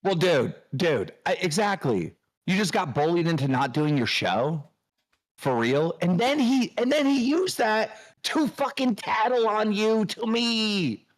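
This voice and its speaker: Loud, animated man ranting on a stream. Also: high voice, unhurried. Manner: loud, scolding, mocking, swears constantly. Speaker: show host. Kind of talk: profane livestream rant.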